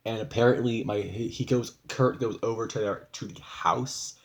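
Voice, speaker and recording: Low-voiced young man venting, profane. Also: moderate pace. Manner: rambling, profane, frustrated. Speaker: vlogger. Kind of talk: casual venting vlog.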